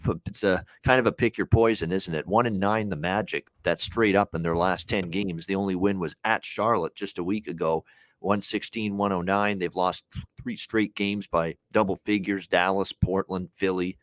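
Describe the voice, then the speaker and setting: A man's voice: low-pitched, steady tone, normal speed, a bit bright, no echo. A man hosting a sports betting show in casual talk, blunt and full of "uh" fillers as he rattles off scores and lines.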